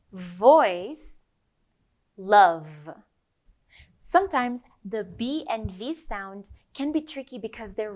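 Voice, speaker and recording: A woman with a Brazilian accent teaching English pronunciation, slowly modelling each sound for learners to repeat. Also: a little high. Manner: slow, exaggerated modelling of sounds. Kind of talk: pronunciation lesson.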